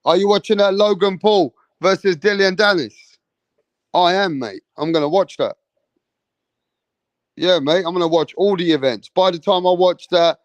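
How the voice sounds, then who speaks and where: Rowdy, swearing man, high voice. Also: no echo, highs cut off. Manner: rowdy, swears a lot, reads out chat. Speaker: livestream host. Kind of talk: casual live chat.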